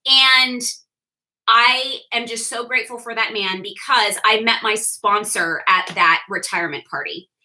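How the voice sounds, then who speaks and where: A young adult woman telling her personal story to a team, animated and laughing often as she acts out what people said. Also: medium pitch, moderate pace, poor audio. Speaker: direct sales leader sharing her story. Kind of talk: personal testimony talk to a team.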